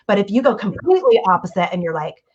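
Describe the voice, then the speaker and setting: On dull, lo-fi audio, a coach with a medium-pitched, husky voice talks fast about communication in a relaxed interview. She stays lively and animated, slipping into impressions of the people she quotes.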